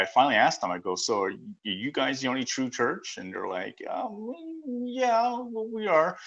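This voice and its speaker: A man's voice: lowish voice, pushed and bright. A middle-aged man from Southern Oregon chatting in a rambling, hesitant way on a group talk show. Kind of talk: casual discussion. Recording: dull lo-fi sound.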